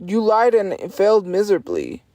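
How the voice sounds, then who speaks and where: A foul-mouthed woman streamer snaps back at her chat, swearing freely and hammering the same points again and again. Her voice sits at an ordinary middle pitch. The sound is close and dry, with no room echo. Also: huge pitch swings, moderate pace, mellow. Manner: profane, insistent, defiant, repeats herself. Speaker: livestreamer. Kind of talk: livestream rant at chat.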